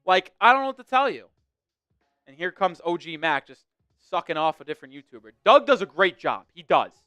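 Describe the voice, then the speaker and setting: A man's voice: high voice, very animated, brisk, sharp tone, dry recording, faint music behind. A man hosting a solo sports live stream, fired up and ranting as he answers his chat and checks scores.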